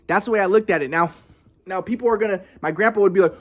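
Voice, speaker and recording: A man's voice: high voice, animated, brisk. Agitated man defending himself, swearing. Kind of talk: personal storytelling monologue.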